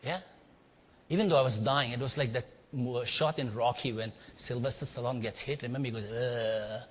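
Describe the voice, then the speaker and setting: A man from India with an Indian accent, telling a story to a live audience and quizzing them with quick asides. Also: mid-range voice, slight background noise. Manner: animated, quizzing the audience with "yeah?" and "right?". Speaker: leadership speaker. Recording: long hall reverb.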